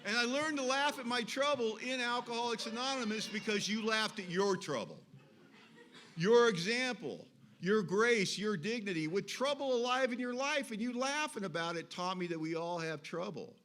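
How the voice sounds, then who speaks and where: High-voiced man telling a recovery story. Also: normal speed, slight background noise. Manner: animated storytelling with acted quotes. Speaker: speaker sharing his recovery story. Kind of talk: recovery meeting talk.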